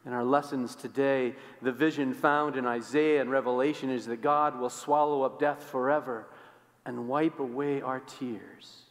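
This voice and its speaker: A male pastor preaching a sermon in a church, swinging between loud emphasis and hushed, quiet lines. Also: medium pitch, normal speed, in a large hall. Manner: expressive, swings from loud to hushed, acts out quoted voices. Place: church sanctuary.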